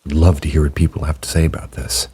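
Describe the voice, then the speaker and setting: A man narrating submitted true ghost stories in a slow, hushed late-night storytelling manner. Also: level tone. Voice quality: very deep gravelly voice. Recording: rain sounds behind the voice.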